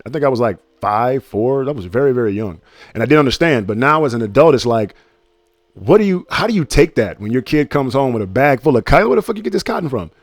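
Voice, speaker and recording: A young man co-hosting a relaxed commentary show, talking casually and jumping into higher voices when he quotes people. His voice sits at a middle pitch. It is recorded dry and close, with no room sound. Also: a little fast, dry recording. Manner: animated storytelling, acts out quotes in a higher voice. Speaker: podcast co-host.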